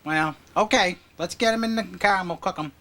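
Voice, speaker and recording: High, bright-voiced man clowning through a skit. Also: fairly quick. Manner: goofy, jumping between silly voices. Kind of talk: improvised comedy skit with character voices.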